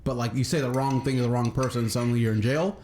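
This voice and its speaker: Male co-host, laid-back and musing, middle pitch, light background noise. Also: fairly even intonation, fast talker. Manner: easygoing, thinks aloud with restarts. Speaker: podcast co-host. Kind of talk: casual podcast chat.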